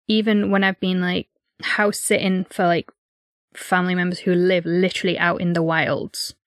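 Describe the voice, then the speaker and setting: A woman's voice: lowish voice, little pitch movement, moderate pace, dry recording, studio quality. A woman from England co-hosting a true-crime podcast, musing casually with many filler words. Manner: reflective, lots of 'like' fillers. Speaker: podcast co-host.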